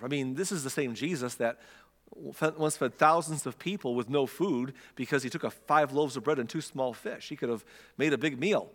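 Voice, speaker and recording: A man's voice: mid-range voice, brisk, a bit bright, in a large hall. A man giving a conversational sermon, retelling a story and acting out the voices of its characters. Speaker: preacher.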